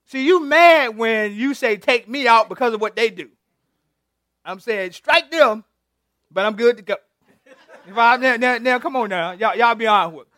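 Man, pastor, interactive sermon, teasing, high voice, dry sound. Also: animated, normal speed, fairly bright tone, no echo. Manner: conversational, teasing the congregation, retells scripture with playful voices.

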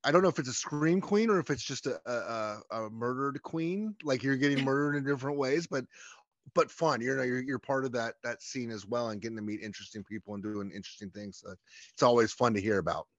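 A man's voice: medium pitch, a little fast, dry recording, muffled recording. Rambling enthusiastic man, dry sound. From North Carolina, USA. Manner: rambling, enthusiastic, many restarts. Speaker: podcast co-host. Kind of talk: casual chat.

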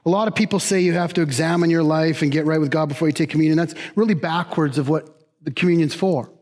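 A man with a high voice preaches a sermon in a church, animated and emphatic. He keeps repeating key words for weight. His voice rings with a long reverb from the hall. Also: quick pace. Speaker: pastor.

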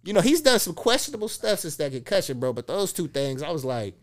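He's a fast talker with a voice on the high side, a middle-aged motivational speaker in a casual podcast chat. Animated as a storyteller, he plays out the dialogue in his tales and swears freely.

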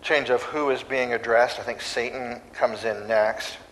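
A man preaching a sermon in a conversational, animated way, now and then acting out voices. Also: medium pitch, unhurried, a little hiss or hum, rough recording.

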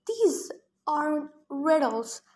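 A woman's voice: high-pitched, sing-song, slow, a little mellow, exaggerated voice. A woman reading aloud and voicing a proud, clever teenage girl who insists and protests. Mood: defiant. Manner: insistent, defiant.

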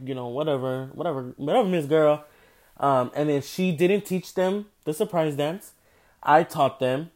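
A young man telling a rambling, profane story in casual storytime style, tired and yawning. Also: fairly high pitch. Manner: profane, rambling, animated, swears constantly.

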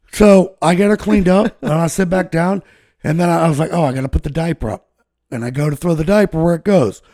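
Casual co-host, man, higher-pitched, profane storyteller who rambles and laughs at himself. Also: vocal fry, a little mellow, no room sound, clean studio sound. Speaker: podcast co-host telling a story.

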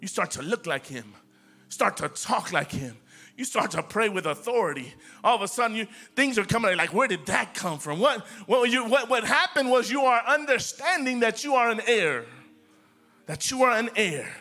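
High bright-voiced preaching man. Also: lively intonation, moderate pace. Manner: impassioned preaching, repetitive, addresses the congregation as church. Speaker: pastor. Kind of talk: sermon.

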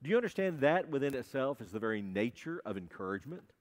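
A man preaching a sermon to a congregation, emphatic and repetitive, often pausing to ask the listeners questions. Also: mid-range voice, very animated. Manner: emphatic, repeats key phrases, asks the congregation questions. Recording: long hall reverb.

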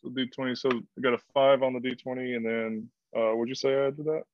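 Brief: male player, quick casual delivery, dry and dull lo-fi recording. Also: medium pitch, little pitch movement, no room sound. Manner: casual, swears a lot. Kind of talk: casual tabletop play. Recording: dull lo-fi mic.

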